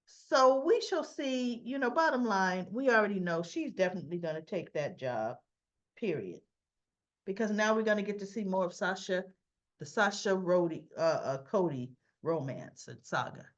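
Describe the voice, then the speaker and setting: A woman's voice: mid-range voice, animated, normal speed, lo-fi sound. A woman casually recapping a soap opera episode, retelling scenes in a chatty way with frequent restarts and asides.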